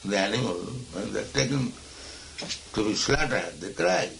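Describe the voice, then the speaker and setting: A gravelly-voiced man leads a philosophical discussion as a spiritual teacher. He lectures emphatically and admonishes his listener. A faint ambient hum sits behind him. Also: on the low side, animated, moderate pace.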